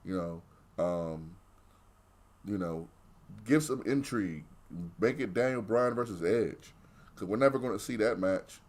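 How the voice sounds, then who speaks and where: A man's voice: lowish voice, unhurried, a little mellow. A man co-hosting a podcast, giving blunt, opinionated takes in casual, profane chat. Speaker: podcast co-host.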